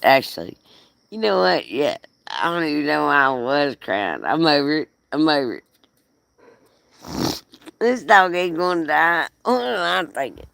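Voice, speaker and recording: A woman's voice: low voice, big pitch swings, unhurried, creaky, pauses often, a bit bright, no echo. A woman talking casually to the camera and her dog, profane and giggly, slipping into playful baby-talk. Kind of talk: casual rambling vlog to camera.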